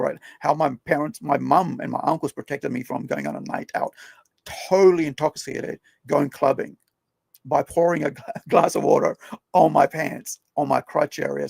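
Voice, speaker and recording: This is a casual storytelling chat from a young male podcast host who rambles along conversationally and keeps tagging lines with questions. His fairly high voice has vocal fry and a husky, darkish tone, with no echo.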